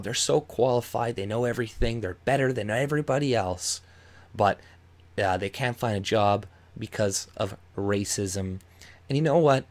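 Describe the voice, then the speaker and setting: A man ranting angrily and sarcastically with heavy swearing while reading out and reacting to a news article. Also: lowish voice. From Canada. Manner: angry, profane, sarcastic ranting. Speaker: YouTube commentator.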